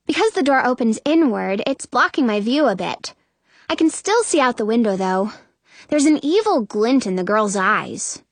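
A woman narrating a children's story in the first person, chatty and expressive. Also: fairly high pitch, moderate pace, dry recording. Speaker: audiobook narrator.

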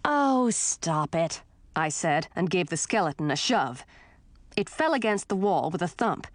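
A woman narrates a fantasy audiobook in a clear storytelling manner. Her voice sits fairly low and is recorded dry and close, with no room sound. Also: animated, normal speed, no room sound. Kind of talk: scripted narration.

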